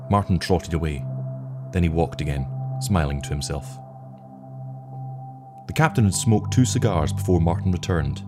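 A man narrating a science-fiction short story in a measured, even reading. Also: low-pitched. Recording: narration over background music. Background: clear background music.

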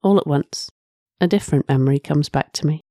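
A woman reads a first-person story aloud in a soft, reflective way, often sighing between lines. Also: low-pitched, a little fast, no room sound, clean studio sound. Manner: soft, reflective, with frequent sighs. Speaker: narrator.

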